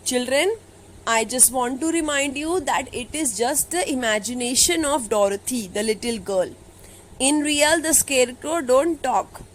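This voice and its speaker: A woman's voice: sits high, animated, a little slow, slight background noise, poor audio. A woman teacher, reading a story aloud to children and explaining it line by line with frequent "okay" and "now". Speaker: English teacher.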